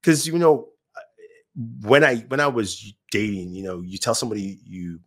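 A man's voice: on the low side, expressive, normal speed. A man, a YouTuber guest, telling anecdotes in casual chat, acting out the voices of people he quotes and laughing often.

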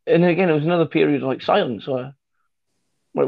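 A man's voice: fairly high pitch, fast talker, creaky. A man telling a rambling, sweary anecdote in casual chat with friends, full of fillers and restarts. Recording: dull lo-fi recording.

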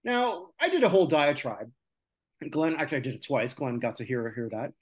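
This sports podcast host, a man from North America, has a medium-pitched, animated voice and talks fairly quickly. He rants casually and forcefully, dropping plenty of filler "uh"s along the way.

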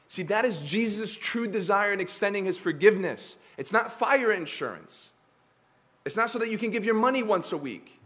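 A man preaching a sermon in an emphatic manner, with dramatic pauses and repetition. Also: high voice, expressive, a bit bright.

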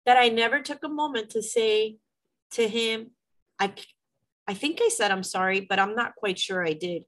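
Middle-aged mom, candid vlogger, emotional and venting. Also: female voice, medium pitch, fairly bright tone, low-quality recording. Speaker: mother. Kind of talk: personal vlog storytelling.

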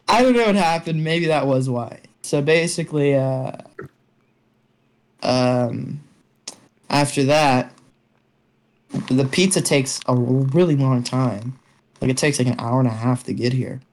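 A man's voice: medium pitch, unhurried, long pauses. A young man telling a long story to friends over a call, rambling with lots of fillers and swearing. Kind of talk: casual chat. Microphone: online call.

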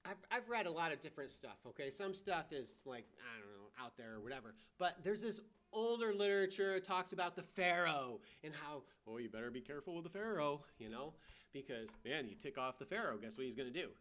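A man's voice: fairly high pitch, animated, a little fast, a bit bright. Emphatic, chatty man preaching a sermon. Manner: conversational, emphatic, wry asides. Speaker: guest preacher.

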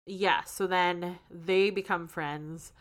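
A woman's voice: lowish voice, slow. A woman co-hosting a podcast, casually recapping a film scene by scene and acting out the characters' lines in mock voices. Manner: animated retelling, acts out lines in mock voices. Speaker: podcast co-host.

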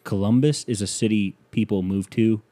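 A man's voice: on the low side, steady tone, moderate pace, warm tone. A young man from Northeast Ohio hosting a solo podcast, ranting with sarcastic exasperation and the odd curse. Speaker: podcast host. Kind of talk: solo comedic podcast rant.

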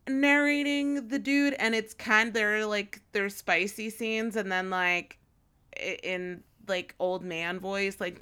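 A woman talks books in a loose, rambling way, full of fillers and restarts. Her voice sits a little low but comes across bright and forceful. It sounds like casual podcast chat. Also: clean tone. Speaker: podcast co-host.

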